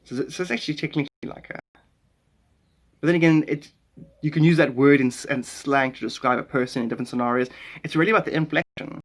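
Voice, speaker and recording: A man's voice: fairly high pitch, fast. A man from South Africa with a South African accent, chatting casually on a live stream, greeting viewers by name and musing aloud in a rambling way.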